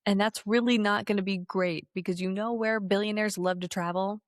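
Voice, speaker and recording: A woman in her thirties co-hosting a podcast, talking politics in a sarcastic, animated way with some swearing. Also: medium pitch, brisk, no echo, studio quality. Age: 30s. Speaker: podcast co-host. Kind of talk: casual political chat.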